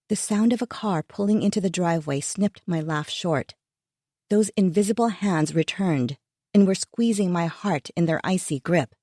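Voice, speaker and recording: A woman narrating a first-person thriller audiobook in a measured, tense way. Her voice sits low and mellow, and the recording is dry and close with no room sound. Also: no echo.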